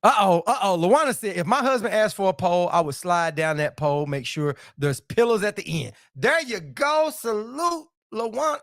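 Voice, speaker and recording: High-voiced joking male livestream host. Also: a bit bright, no room sound, studio quality. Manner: playful, repeats phrases, laughs often. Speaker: livestream host reading viewer comments. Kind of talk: casual joking livestream chat.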